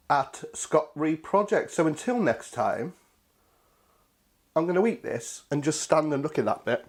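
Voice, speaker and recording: A man hosting a casual cooking video, chatty and enthusiastic, talking to viewers as his friends. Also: a little high. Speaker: cooking channel host.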